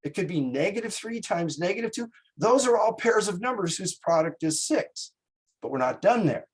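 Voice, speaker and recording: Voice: medium pitch, expressive, moderate pace, husky, poor audio. A math instructor giving a classroom lecture in a folksy way, checking in with students and slipping in small jokes.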